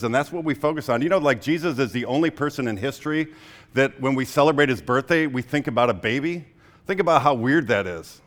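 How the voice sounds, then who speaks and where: A young adult man preaching a sermon as a pastor, in a relaxed conversational way, full of fillers, telling personal stories. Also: medium pitch. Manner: conversational, frequent "like" fillers, storytelling. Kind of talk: casual sermon.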